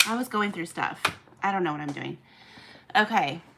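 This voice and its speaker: A woman's voice: lowish voice, expressive, normal speed, gravelly, a loud crowd. A woman hosting a live online auction, chatting casually with viewers and laughing often. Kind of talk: casual live-stream chat.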